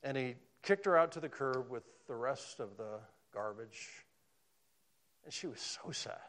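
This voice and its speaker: Animated male preacher with lively pitch. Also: measured pace. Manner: animated, swings from loud emphasis to hushed near-whispers. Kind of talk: sermon.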